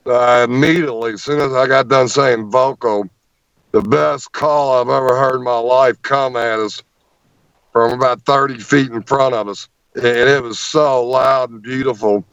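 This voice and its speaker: A man tells a story as an interview guest, animated and often stumbling over repeated words. His voice sits at an ordinary middle pitch. The sound is muffled and dry, with no room echo at all. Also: normal speed, smooth.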